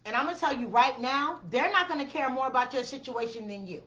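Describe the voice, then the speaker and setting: A woman's voice: high voice, fast, sharp tone, highs cut off. A woman giving a blunt, profane tarot reading, repeating her commands with emphasis. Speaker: tarot reader.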